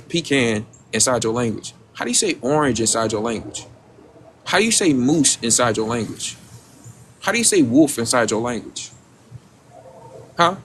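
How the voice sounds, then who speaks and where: There's slight background noise as a man of medium pitch runs a casual livestream. Talking straight to his viewers, he leans on rhetorical questions and stumbles, repeating words, whenever he hunts for the right thing to say.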